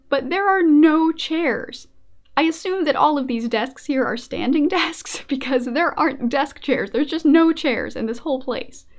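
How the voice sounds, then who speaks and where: A woman hosting her own video, a writing teacher giving scripted, casual commentary with playful joking asides. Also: on the high side. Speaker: video essayist and host.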